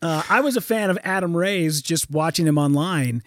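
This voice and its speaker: A man in casual podcast chat, telling stories with lively acted-out quotes and frequent swearing. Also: on the high side, moderate pace, dry recording, studio quality. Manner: animated storyteller, acts out quotes, swears. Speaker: guest.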